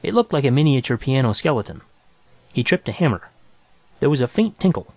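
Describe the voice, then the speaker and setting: A man's voice: mid-range voice, no room sound. Man reading a story aloud. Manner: even, measured reading. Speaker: narrator. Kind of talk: scripted story narration.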